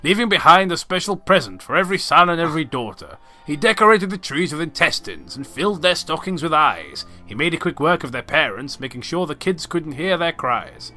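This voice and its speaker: A man's voice: on the high side, very animated, a little fast, hardly any pauses, sharp tone, soft background music. A man reading a rhyming horror story aloud in a mock-dramatic way, sarcastically picking at the writing. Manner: sarcastic, mocking the text. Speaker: reader of the story.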